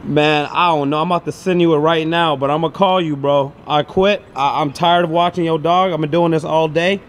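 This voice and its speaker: A man's voice: fairly high pitch, steady tone, brisk, slight background noise. A young man vlogging outdoors on city streets, joking and teasing his dog in comedic banter. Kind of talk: comedic walking vlog.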